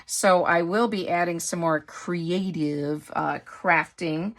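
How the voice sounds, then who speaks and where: A middle-aged woman from Wisconsin talks to her viewers in a rambling, gushing way. Her is clear, and her voice sits a little low. She sounds like a casual craft-haul vlog. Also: slow pace. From Wisconsin, USA. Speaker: craft vlogger. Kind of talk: casual haul chat to camera.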